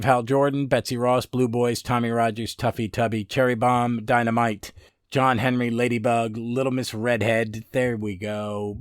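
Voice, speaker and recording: A man's voice: mid-range voice, no echo, studio quality. A man hosting a comic book podcast, recapping issues in a rambling way full of fillers and restarts.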